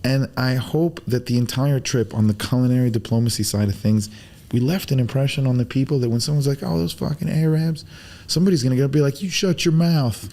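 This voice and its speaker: A man telling stories as a podcast guest in casual chat, animated, acting out quotes and using Arabic religious phrases. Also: medium pitch, fast, hardly any pauses. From Arab world.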